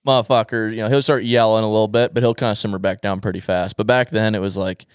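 A man's voice: on the low side, steady tone, fast, clear, resonant tone, no echo, studio quality. A young man in casual podcast chat, rambling through a funny story, swearing and laughing often. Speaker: podcast co-host.

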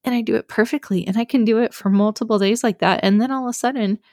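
A young adult woman talks openly about her own struggles in a solo podcast, rambling a little with fillers. Her voice has a frequent gravelly fry. She sits close to the mic in a dry, dead room. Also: a little high, quick pace, darkish tone, no room sound. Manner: candid, confessional, many fillers. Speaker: podcast host. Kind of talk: personal solo podcast talk.

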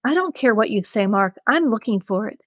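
A woman voicing an excitable, determined young female detective who insists she is right. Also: fairly high pitch, fairly quick, no room sound, clean studio sound. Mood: insistent. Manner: eager and insistent.

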